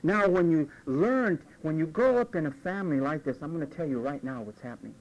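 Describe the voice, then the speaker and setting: Animated male preacher, lively pitch. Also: brisk, highs cut off. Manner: animated, acts out quoted voices. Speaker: pastor. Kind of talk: conversational sermon.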